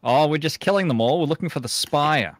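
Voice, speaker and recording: A man voicing his grandiose high elf bladesinger character in a tabletop game, in a haughty, theatrical manner. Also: expressive, brisk, dry recording, natural voice.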